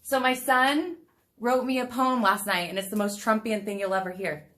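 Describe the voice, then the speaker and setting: A woman's voice: medium pitch, fairly even intonation, normal speed, a bit bright. A woman streaming from home as she paints, chatting in a bubbly way with her viewers and laughing often. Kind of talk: casual chat while painting live. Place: home room, not a studio.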